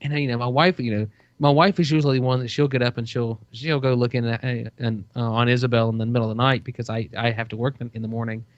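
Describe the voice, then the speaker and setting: A man's voice: medium pitch, level tone, fast, hardly any pauses, dry recording. A man in casual podcast chat, telling a long story with plenty of "you know" and "uh". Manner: rambling storytelling, many fillers. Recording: dull dry lo-fi sound.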